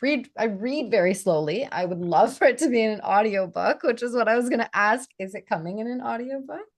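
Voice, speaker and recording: A woman's voice: a little high, animated, a little fast. A woman hosting an interview, enthusiastic and affirming, often laughing as she talks. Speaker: host. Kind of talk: casual interview conversation.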